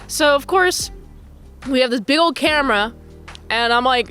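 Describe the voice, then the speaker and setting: A woman's voice: high voice, moderate pace, pushed and bright, soft background music. A young woman giving a casual movie recap in a rambling, jokey way with loose slang. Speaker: movie reviewer.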